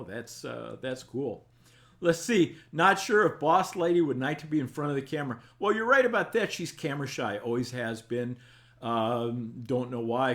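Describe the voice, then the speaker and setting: Folksy older man chatting with viewers. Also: mid-range voice. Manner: folksy, rambling, chuckling. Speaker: talk show host reading live chat. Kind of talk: casual live-stream chat.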